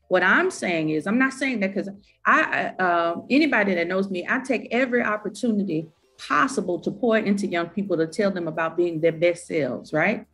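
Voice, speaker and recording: A woman's voice: lowish voice, husky. A woman with a Southern US accent, a college professor speaking on a panel discussion, emphatic and often checking in with "right?". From Southern United States.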